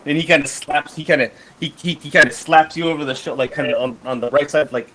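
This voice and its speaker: A man's voice: fairly high pitch, fairly even intonation, fast talker, pushed and bright. A man narrating a tabletop game as game master, rambling with many restarts.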